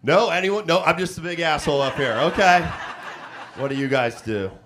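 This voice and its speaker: A man's voice: on the high side, moderate pace, noisy background. A man hosting a stand-up comedy set on a club stage, telling self-mocking stories and chatting with the crowd through a handheld mic.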